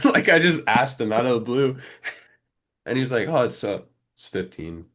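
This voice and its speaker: A podcast co-host in his twenties, with a mid-range voice at normal speed, tells a drawn-out story on a casual show. He stays animated, voicing both sides of the back-and-forth.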